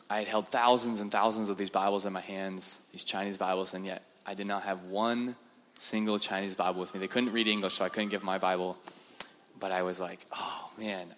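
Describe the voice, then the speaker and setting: A young man, a guest speaker, giving a sermon-style testimony in a church, telling his story in an animated way with many repeated words. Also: low voice, slight background noise. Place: church sanctuary. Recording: reverberant church hall.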